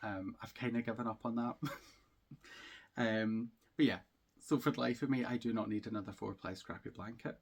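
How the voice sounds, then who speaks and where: Low gravelly husky-voiced man. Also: fairly even intonation, moderate pace. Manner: chatty, rambling, lots of ums and likes; laughs easily. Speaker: podcast host. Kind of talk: casual chat about knitting and crochet projects.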